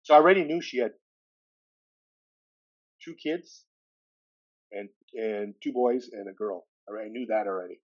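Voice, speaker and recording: A man in his sixties, a podcast guest from California, telling a personal story with animated delivery. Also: lowish voice, moderate pace, pauses often, muffled recording. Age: 60s. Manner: animated storyteller who acts out dialogue with shifting voices.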